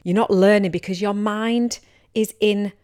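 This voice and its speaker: This woman's medium-pitched voice is steady and a little mellow, and she takes a measured pace. A business coach from Teesside, England, she hosts a casual solo podcast in a candid, chatty way with a Teesside accent, occasionally acting out her audience's thoughts.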